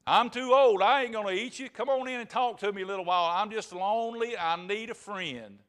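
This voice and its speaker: A man voicing a sly old male wolf who coaxes small animals with a falsely gentle, pleading manner. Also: high-pitched, a little fast, pitched above the performer's own voice. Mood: coaxing.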